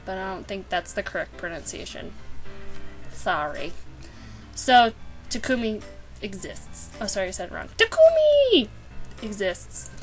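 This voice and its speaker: A woman's voice: mid-range voice, normal speed, soft background music, poor audio. A woman vlogger giving a casual, sarcastic book summary with playful asides, now and then acting out the characters.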